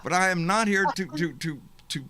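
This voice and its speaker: A man's voice: high-pitched, moderate pace, pushed and bright. A man hosting a live political stream, talking casually in an emphatic, rambling way and swearing freely. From Texas. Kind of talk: casual livestream talk.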